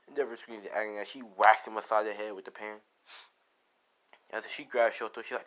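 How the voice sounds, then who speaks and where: A man's voice: lowish voice, steady tone, a little fast, a bit bright. A man improvising a casual fan story, rambling with lots of "you know" and "like".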